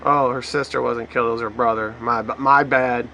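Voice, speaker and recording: A man's voice: medium pitch, steady tone, brisk, vocal fry, sharp tone, a little hiss or hum. A man giving sarcastic, profane commentary over a news clip. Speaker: online commentator.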